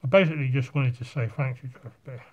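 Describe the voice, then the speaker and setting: A man's voice: mid-range voice, fairly even intonation, quick pace, slightly rough, highs cut off. A man in casual chat while drawing, rambling through a story and swearing often. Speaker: artist.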